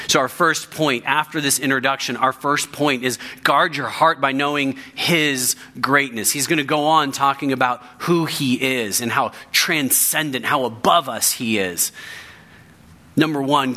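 A man's voice: mid-range voice, moderate pace, bright, forceful tone. A man, a pastor, preaching a sermon with emphasis and often repeating key phrases for weight.

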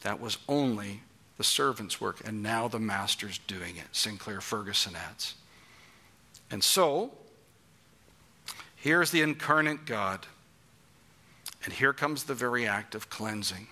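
A man's voice: fairly low pitch, lively intonation, slow pace, long pauses, pushed and bright. A middle-aged man preaching a sermon, emphatic and asking the congregation questions.

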